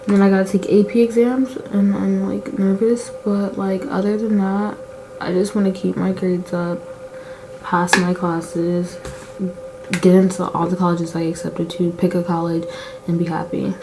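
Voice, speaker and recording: A late-teen beauty vlogger chats casually while doing her makeup, rambling and confessional with plenty of "like" fillers. Her mid-range voice stays level at a moderate pace, she's candid and emotional about her feelings, and the background is noisy.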